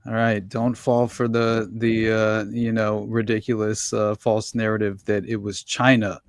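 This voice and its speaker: A man's voice: lowish voice, flat delivery, measured pace, clean tone, no room sound. Podcast guy rambling on, swears a lot, laughs a bunch, totally dry sound. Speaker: podcast co-host. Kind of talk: casual chat.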